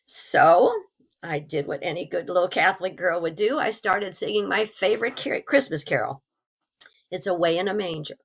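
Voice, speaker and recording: Telling her own story as a guest on an interview, this middle-aged woman sounds hoarse from her recovery from pneumonia. Her delivery is earnest and animated, pitched on the low side at a moderate pace.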